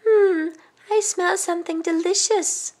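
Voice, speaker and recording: A woman voicing the skinny youngest brother in a storybook, high and excited. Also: a little slow. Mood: delighted.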